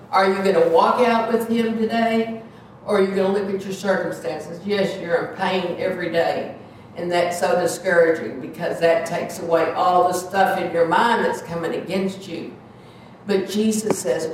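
A woman's voice: medium pitch, moderate pace, a little hiss or hum. A woman giving an informal, earnest sermon and prayer in a church, talking in a conversational, emphatic way. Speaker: lay preacher leading prayer. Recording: echoey hall, mic far off.

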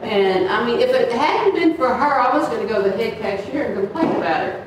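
A woman preaching to a church congregation, telling animated stories and acting out the voices of the people in them. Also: fairly high pitch, fairly quick. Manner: animated, acts out voices in her stories, laughs often. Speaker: church speaker. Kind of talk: storytelling sermon. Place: church hall. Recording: echoey church from far off, faint noise.

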